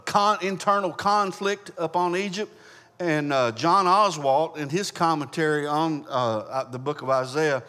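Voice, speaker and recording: A man preaching from Scripture in a big hall with a long reverb tail. His voice sits a little high for a man. He stumbles, restarts and clears his throat, with folksy asides between verses. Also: a bit bright. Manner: halting, many fillers and restarts, folksy asides. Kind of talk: Bible teaching sermon.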